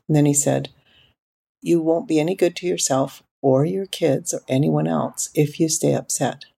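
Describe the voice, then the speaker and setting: Husky, gravelly middle-aged woman coach. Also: low-pitched. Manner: gentle, unhurried storytelling with restarts. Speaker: parenting coach. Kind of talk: reflective podcast talk.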